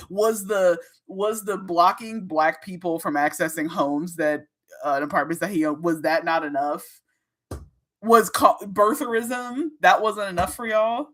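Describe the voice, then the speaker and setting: Animated woman chatting on her livestream. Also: medium pitch. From Minnesota. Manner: animated, talks straight to her chat, laughs often, swears. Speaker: livestream host. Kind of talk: casual livestream chat.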